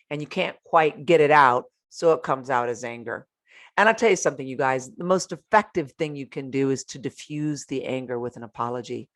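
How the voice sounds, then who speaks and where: A woman giving motivational self-help advice in a frank, direct way. She talks straight to her listeners and drops casual profanity without hesitation. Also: extremely low pitch. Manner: blunt, candid, profane, addresses listeners directly. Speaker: podcast host, self-help speaker.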